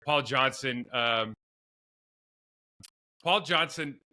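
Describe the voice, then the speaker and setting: A man's voice: medium pitch, very slow, bright, forceful tone. A middle-aged man, a former pro football player, telling long self-deprecating stories in a podcast interview, with many restarts and asides.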